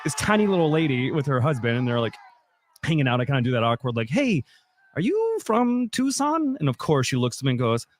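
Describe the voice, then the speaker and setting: A man's voice: medium pitch, quick pace. A man on a morning radio show, telling travel stories in a laid-back way and laughing through them, in a studio. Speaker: radio co-host. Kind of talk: casual storytelling chat.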